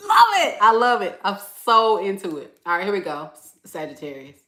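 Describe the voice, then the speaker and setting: A woman's voice: medium pitch, wildly swooping pitch, moderate pace, echoey room, very noisy. A tired woman tarot reader, chatting casually and laughing in sassy slang during a live reading.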